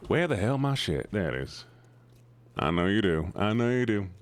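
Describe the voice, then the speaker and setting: A man's voice: fairly low pitch, very animated, normal speed, dry recording. A man streamer putting on a folksy Southern cowboy voice with a twangy drawl. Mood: stubborn. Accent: American Southern (put on). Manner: ain't-heavy folksy talk.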